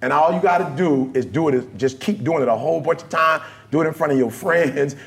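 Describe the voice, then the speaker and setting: A man giving a motivational talk to a live audience, animated and repeating "right?" and "you know what I'm saying" often. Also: a little high, brisk. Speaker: guest speaker.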